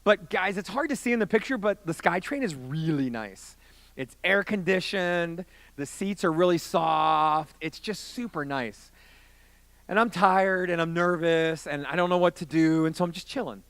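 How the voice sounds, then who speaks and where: Youth pastor, man in his late twenties, animated storyteller with a bright, tense tone and a high, lively voice. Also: normal speed, no echo. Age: 20s. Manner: animated storyteller acting out quotes, voice rising to shouts. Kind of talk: storytelling sermon.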